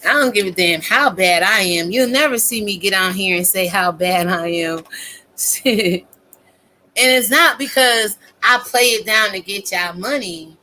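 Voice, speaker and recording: A woman's voice: mid-range voice, a little slow, pushed and bright, a little hiss or hum, poor audio. A woman content creator ranting casually to her viewers, blunt, profane and preachy.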